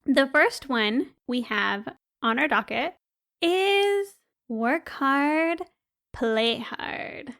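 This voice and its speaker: A young woman with a high voice co-hosts a podcast, recounting a story in easygoing chat. She is animated and breaks into laughter often as she talks. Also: drawn-out words. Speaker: podcast co-host.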